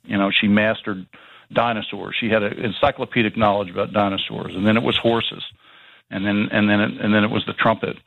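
A man's voice: lowish voice, level tone, fairly quick, creaky, no room sound. A man speaking as a guest on a radio call-in show, explaining his ideas earnestly. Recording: tinny phone line.

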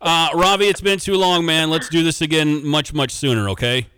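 A man hosting a sports radio show, trading quick jokes with his co-host and guest. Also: a little high, steady tone, sharp tone, smooth, dry recording, clean studio sound. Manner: joking, quick back-and-forth. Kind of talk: casual sports radio banter.

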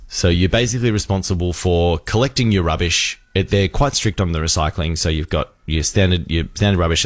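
A radio host telling a story with animated delivery, acting out the people in it. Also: male voice, low-pitched, no echo. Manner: animated storyteller, acts out voices.

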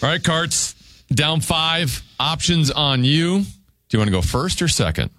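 A man hosting a word game show, briskly announcing scores and whose turn it is. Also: a little high, sing-song, a bit bright, no echo.

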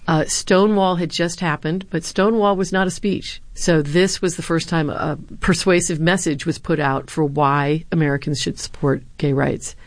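A woman's voice: sits low, steady tone, normal speed, few pauses, dry recording. A woman, a former speechwriter and university lecturer, answering interview questions with earnest anecdotes and the odd filler.

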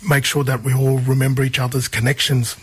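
An Australian man, a musician guest, telling stories in a relaxed conversational way, often restarting and repeating phrases. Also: medium pitch, a little fast, breathy edge.

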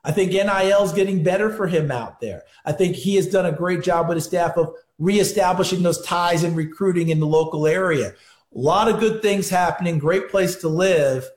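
A man's voice: sits high, moderate pace, darkish tone, echoey room. A man speaking as a football analyst guest on a sports radio show, telling stories in an emphatic way. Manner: storytelling, emphatic.

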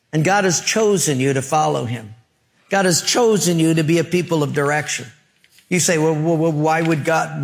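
A man preaching a sermon, joking and acting out voices, dropping his voice low for emphasis. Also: gravelly. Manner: humorous, acts out voices, drops low for emphasis. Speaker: pastor.

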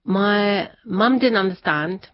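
A woman, a guest telling a personal story in an interview, animated and laughing often. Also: mid-range voice, takes it slowly, highs cut off. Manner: animated, laughs often, acts out family members' words.

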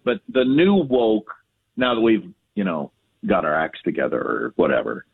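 A man chatting in a loose, rambling way over a tinny phone line. His voice is a little husky and moves around a lot in pitch. He sounds like a co-host dialed in from the road. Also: wildly swooping pitch, normal speed. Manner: casual, rambling, laid-back.

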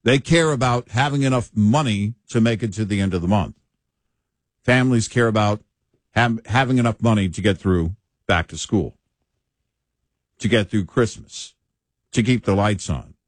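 Man, political talk co-host, forceful, stacks points in lists, dry close sound. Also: on the low side, moderate pace, pauses often, no room sound. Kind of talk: conversational political commentary.

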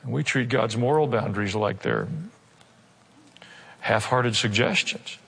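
A man preaching a sermon as pastor, earnestly asking his congregation rhetorical questions and slowing down to stress key points. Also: mid-range voice, gravelly, fairly bright tone, breathy edge, in a large hall. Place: church sanctuary.

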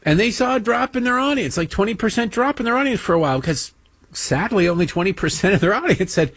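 A man's voice: high-pitched, animated, fast talker, a bit bright, husky, no room sound. A man hosting a political talk show. He delivers a sarcastic, mocking monologue and keeps slipping into impressions.

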